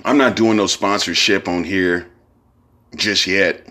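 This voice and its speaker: A man's voice: deep voice, steady tone, slow pace, bright, forceful tone. A man hosting his own podcast, talking in a loose, rambling way with lots of slang and profanity and repeated "you know what I'm saying". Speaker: podcast host. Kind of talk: casual solo podcast monologue.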